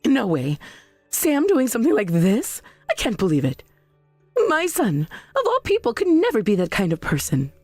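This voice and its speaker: A woman voicing a self-righteous middle-aged mother in a scripted drama, shrill, demanding and defensive. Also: huge pitch swings, normal speed, warm tone, no room sound, faint music behind. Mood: indignant.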